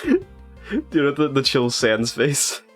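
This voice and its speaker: A man's voice: medium pitch, wildly swooping pitch, a little slow, soft background music. A man streaming a story game, chatting casually with lots of laughs and fillers. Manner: giggly, rambling, many fillers.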